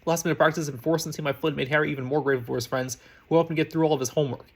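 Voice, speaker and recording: Man, fan fiction reader, rushed narration, slips and restarts, slightly high voice, very fast. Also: steady tone, breathy edge.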